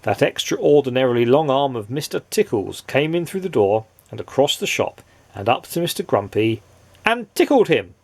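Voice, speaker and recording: Expressive dad reading a storybook aloud. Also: male voice, mid-range voice, normal speed, creaky. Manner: expressive, playful, asks the listener questions.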